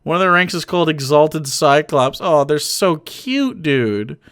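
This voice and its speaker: A man's voice: fairly high pitch, expressive, unhurried, a bit bright, smooth, no room sound. A young man giving sarcastic, profane live-stream commentary, mocking what he reads on a close desk mic.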